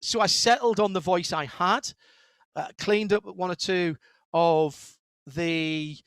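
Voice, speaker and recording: Northeast english guy, middle-aged, rattling off stories in an interview, bit high-pitched, dry close mic. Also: clear, resonant tone, no echo. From Northeast England. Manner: fast-talking, animated storyteller with frequent restarts. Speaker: guest, motorsport commentator. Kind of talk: casual interview conversation.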